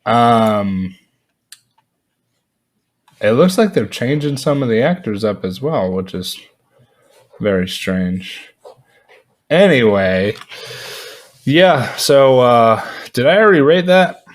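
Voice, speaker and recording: A man's voice: mid-range voice, animated, slow, pauses often. A man giving a casual, rambling movie review full of fillers and asides. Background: dogs at home.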